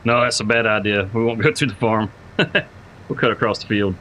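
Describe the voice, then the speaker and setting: A man's voice: on the low side, fairly quick, sharp tone, a little hiss or hum, poor audio. A man streaming a farming game live, chatting casually with viewers, greeting them by name and thinking aloud with lots of repeated words. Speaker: livestreamer playing a farming game.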